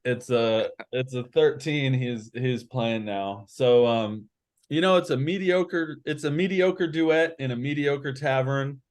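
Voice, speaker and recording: A man's voice: medium pitch, takes it slowly. Man running a tabletop game. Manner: meandering, full of fillers. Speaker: game master.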